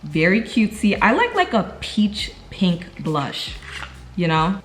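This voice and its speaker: A woman's voice: mid-range voice, big pitch swings, takes it slowly, faint music behind. A young woman from New York with a New York accent, chatting casually to her viewers at home in a slangy, talkative way. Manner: chatty, slangy, talks straight to viewers as "y'all". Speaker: vlogger. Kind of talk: casual chat to camera.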